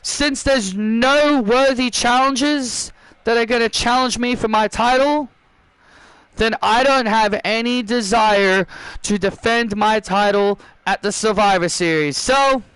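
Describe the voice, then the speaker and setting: A man's voice: extremely high pitch, takes it slowly, fairly bright tone, smooth, no room sound, heavily acted, low-quality recording. A man voicing an arrogant female wrestling champion who dismisses and scolds her challenger. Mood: haughty. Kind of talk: voicing wrestlers over a video game.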